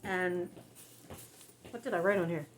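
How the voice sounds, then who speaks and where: A woman's voice: fairly low pitch, measured pace, a little hiss or hum. A woman vlogger giving casual advice to camera, chatty, laughing often and acting out her phone replies.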